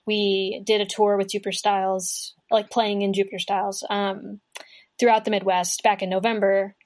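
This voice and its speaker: A young adult woman chatting as a guest musician, relaxed and rambling, with lots of fillers and restarts over a remote call setup. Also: mid-range voice. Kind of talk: casual chat.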